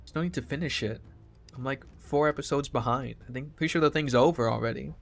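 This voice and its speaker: A man's voice: medium pitch, fast, vocal fry, faint music behind. A man ranting casually to his stream chat, sarcastic, swearing freely, laughing often.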